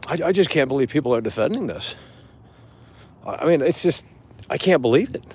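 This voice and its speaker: A man's voice: a little high, a little mellow, slight background noise. A man hosting a live gaming show outdoors, talking bluntly and profanely in a casual rant.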